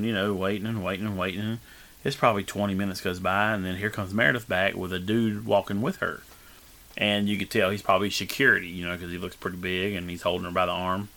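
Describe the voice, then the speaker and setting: Guest storyteller, male, rambling and casual, bright tone. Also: lowish voice, creaky. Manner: rambling, full of fillers and restarts. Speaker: guest telling his life story.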